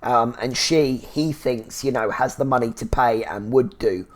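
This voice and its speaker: A man talks through a TV episode in a loose, chatty recap. He leans on fillers and keeps breaking into excited little exclamations. His voice sits at an ordinary middle pitch for a man. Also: a little slow. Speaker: TV review show host. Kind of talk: casual episode recap and review.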